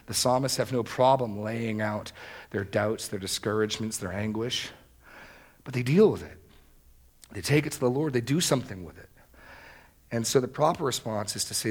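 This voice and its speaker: A man's voice: mid-range voice, moderate pace. Man preaching an earnest sermon. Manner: earnest preaching that swells to loud, emphatic exclamations. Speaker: pastor.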